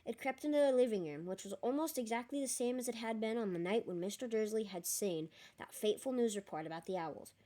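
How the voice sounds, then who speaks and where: A woman reading a novel aloud in a lively way, breaking off for chatty, joking asides. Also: on the high side, quick pace, hardly any pauses. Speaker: reader.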